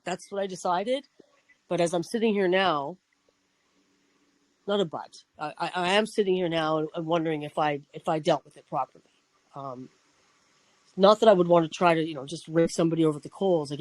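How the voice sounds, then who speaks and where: A man's voice: fairly high pitch, normal speed, long pauses, no room sound, rough recording. A man hosting a talk show, telling a personal story in a rambling, casual way with frequent restarts and swearing. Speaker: podcast host.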